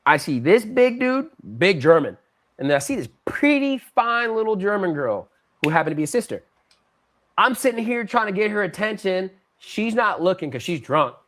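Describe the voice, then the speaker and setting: A man tells a story as a podcast guest, his voice sitting a touch high. He talks in casual slang and jumps into the voices of the people in the story. The delivery is loose and lively. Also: moderate pace. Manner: animated, slangy storyteller who acts out quotes.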